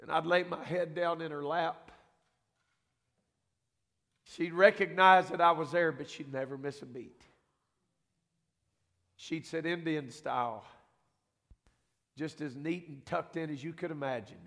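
A man with a high, gravelly voice delivers a fervent sermon as a senior pastor. He rises from reflective storytelling to shouted exclamations. His voice rings through a church sanctuary with long reverb. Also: fairly even intonation, measured pace, long pauses. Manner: fervent preaching, building to shouts.

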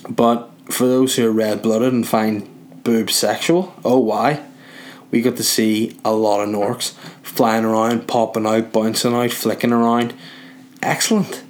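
Northern irish man, young, crude rambling jokes, relaxed comic monologue. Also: lowish voice, unhurried. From Northern Ireland. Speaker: vlogger. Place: in bed.

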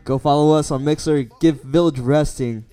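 A man co-hosting a casual podcast, trading quick banter and loudly plugging the show. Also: fairly high pitch, steady tone, clear, resonant tone, faint music behind. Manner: laughing, quick banter, loud show plugs. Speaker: podcast co-host.

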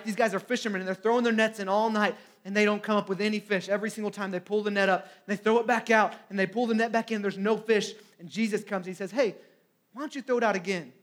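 A man's voice: sits high, a bit bright. A man preaching a sermon in a conversational way, often asking "right?" and acting out quotes.

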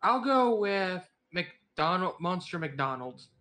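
A man guest in a casual podcast chat, cracking quick jokes. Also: high voice, sing-song, sharp tone. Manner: joking, quick one-liners.

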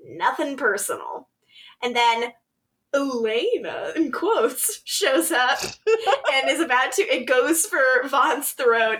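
A woman co-hosting a podcast, casually recapping episodes, animated and laughing often as she acts out quotes. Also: high voice. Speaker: podcast co-host.

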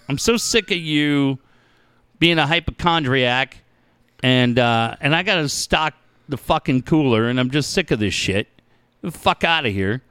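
A middle-aged man hosting a talk show, telling stories in a profane, animated way and acting out the people in them. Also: a little high, normal speed, clean tone, no echo. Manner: profane, animated storytelling with acted-out voices. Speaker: radio show host. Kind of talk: casual storytelling chat.

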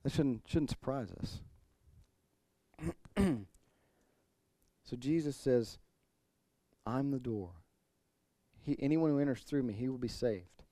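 A man's voice: mid-range voice, takes it slowly, long pauses, dark tone, dry recording. A man pastor preaching an expository sermon, earnest, building to emphatic points. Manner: earnest preaching, rising emphasis, occasional throat clearing.

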